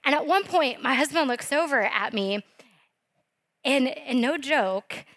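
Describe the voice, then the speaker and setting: A woman preaching in a loose, conversational way, with a voice pitched a little high for a woman. She tells stories with plenty of asides to the congregation. The sound is dry and close, with little room echo. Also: unhurried, a bit bright. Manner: chatty and informal, with many fillers and asides to the congregation. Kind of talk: conversational sermon storytelling.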